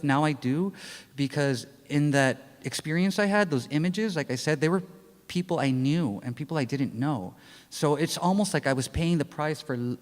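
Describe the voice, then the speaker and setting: Middle-aged man, candid first-person account, loose and rambling with fillers, mid-pitched voice, long reverb. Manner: rambling, many fillers, self-deprecating laughs. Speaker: interviewee sharing a personal experience.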